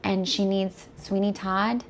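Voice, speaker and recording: A woman talking casually in an interview, lively and expressive. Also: mid-range voice, slow pace, slight background noise. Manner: lively, expressive, laughing easily. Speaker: interviewee, stage actress.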